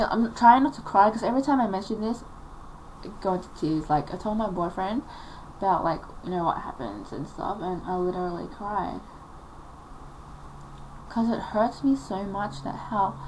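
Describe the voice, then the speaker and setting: A woman's voice: lowish voice, a little hiss or hum, low-quality recording. A woman in her late teens telling a personal story on a confessional vlog, emotional and rambling, full of filler likes. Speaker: vlogger.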